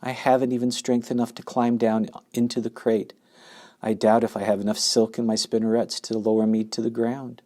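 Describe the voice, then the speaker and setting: A man voicing a calm, dying female spider who speaks low and firm. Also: normal speed, natural voice. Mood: resigned. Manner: low, quiet.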